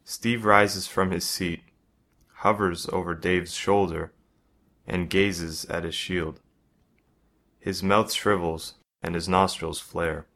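A man narrating a first-person story in a measured, even reading. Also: sits low.

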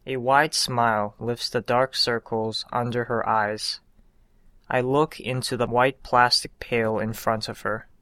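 A man reading his own short story aloud in a calm, unhurried storytelling manner. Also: medium pitch, clear, resonant tone, no room sound. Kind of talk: scripted narration of a short story.

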